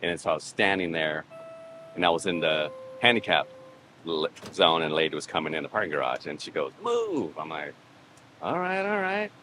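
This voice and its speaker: A man's voice: rumbling low, fairly even intonation, brisk. A man chatting casually as a podcast guest, rambling through a story and acting out the voices of others. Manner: rambling, acts out quoted voices. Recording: background noise.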